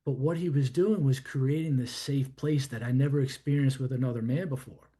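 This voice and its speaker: This is a man in his fifties from New York, opening up as a podcast guest. He speaks at a middling pitch and wanders through his thoughts, leaning on "you know" and "I'm like" as he remembers. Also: fairly even intonation, fairly quick, warm tone, breathy edge. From New York, USA. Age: 50s. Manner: rambling and reflective, full of "you know" and "I'm like". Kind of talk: candid personal storytelling in conversation.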